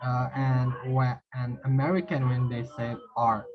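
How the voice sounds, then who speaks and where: A man teaching English pronunciation, reading word lists one by one and explaining with halting, repeated phrases and fillers. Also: medium pitch, fairly even intonation, faint music behind. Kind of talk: slow word-list drill and explanation. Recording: dull lo-fi voice recording.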